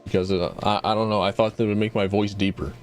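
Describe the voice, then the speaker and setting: A man's voice: lowish voice, level tone, fast talker, soft background music. A man streaming a game, reading its text aloud and rambling through self-deprecating asides.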